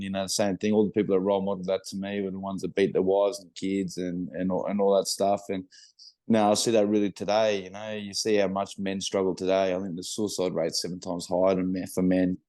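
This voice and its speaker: A man hosting a casual interview. He speaks haltingly, with lots of fillers. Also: low voice, completely flat delivery, a little mellow. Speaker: podcast host.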